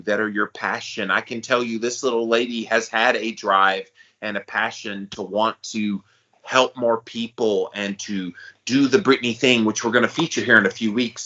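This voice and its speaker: An energetic man co-hosting a podcast, his voice bright and forward as he talks with his best friend. He calls himself the hype guy and sounds it, upbeat and encouraging. The recording has a slightly dull, lo-fi quality. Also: mid-range voice. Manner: enthusiastic, self-described hype guy. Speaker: podcast co-host. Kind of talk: casual podcast chat.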